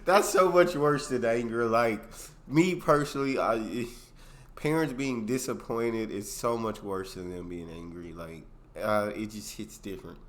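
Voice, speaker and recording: A man's voice: lowish voice, measured pace, a bit bright. A man hosting a reaction video, exclaiming at what he hears and adding casual comments of his own. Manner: exclaims, comments between clips.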